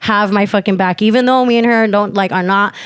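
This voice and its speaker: A woman's voice: mid-range voice, fairly even intonation, fairly quick, clear, resonant tone, no room sound, clean studio sound. A young woman co-hosting a podcast, telling a story in loose casual chat, full of fillers and swearing. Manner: loose, filler-heavy, swears freely, acts out quotes loudly. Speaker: podcast co-host.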